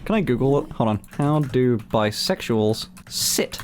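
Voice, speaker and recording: A man's voice: medium pitch, expressive, measured pace, a little hiss or hum. A man in his twenties chatting casually on a livestream, answering viewer questions candidly, swearing freely and laughing often. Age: 20s. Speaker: streamer.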